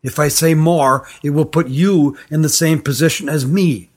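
Brief: a man as a scared, urgent youth, hushed and pressing, fairly high voice. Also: fairly even intonation, moderate pace, breathy edge. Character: frightened, urgent older boy on the run. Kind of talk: storybook reading.

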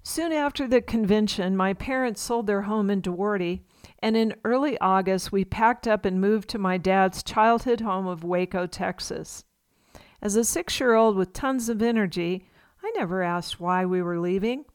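A woman's voice: mid-range voice, moderate pace, clear, resonant tone, no room sound, studio quality. Woman in her sixties reading her memoir. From California. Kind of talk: memoir reading on a radio reading service.

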